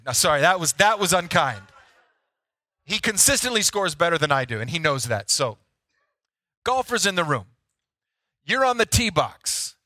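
Bright-voiced man preaching a casual sermon. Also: high voice, dry recording. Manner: conversational, self-deprecating storytelling. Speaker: pastor.

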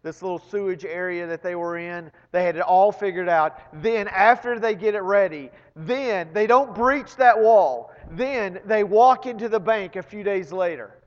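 A man's voice: high voice, normal speed, hardly any pauses. Male pastor, sermon storyteller who repeats words as he restarts, muffled recording in a large echoing church hall. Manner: storytelling, building to loud emphatic peaks. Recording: long reverb, dull lo-fi sound.

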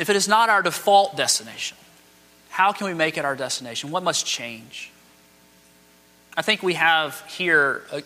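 A man's voice: fairly high pitch, sharp tone. A man preaching a sermon as pastor, dramatic, acting out the quoted speech of the people in his text. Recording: long hall reverb.

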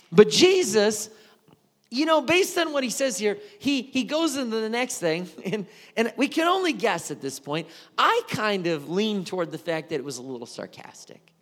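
A man preaching a sermon in an animated, conversational storytelling way. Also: sits high, moderate pace, big-room sound.

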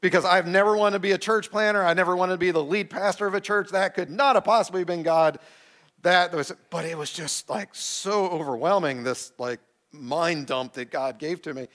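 A middle-aged man who is a pastor, telling a personal story in a sermon with animated, self-deprecating delivery and acted-out quotes. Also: high-pitched, normal speed.

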